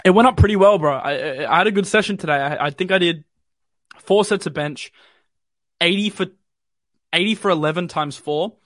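A man's voice: high voice, moderate pace, long pauses, a bit bright, no echo, clean studio sound. A young man with a mild Australian city accent, hosting a casual livestream from his bedroom, chatty and full of fillers as he answers viewer comments. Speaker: crypto livestream host. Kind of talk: casual live-stream chat. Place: home bedroom.

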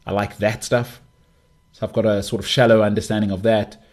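In his thirties, a man hosts a sports podcast with a casual, emphatic monologue full of blunt opinions. His voice is lowish and fairly quick, and his delivery is lively and opinionated.

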